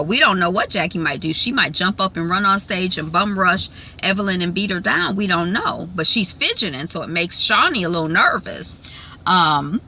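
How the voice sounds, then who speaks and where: A woman talks through a TV recap in a loose, chatty way, filling pauses with ums. Her voice is bright and clear, and it sits at an ordinary pitch for a woman. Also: rough recording. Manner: chatty, many ums, laughs often. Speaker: recap vlogger. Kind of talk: casual TV recap chat.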